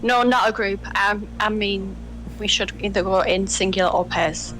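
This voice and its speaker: Woman player, blunt and casual, middle pitch, music low behind. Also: normal speed, fairly bright tone. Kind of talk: casual tabletop play.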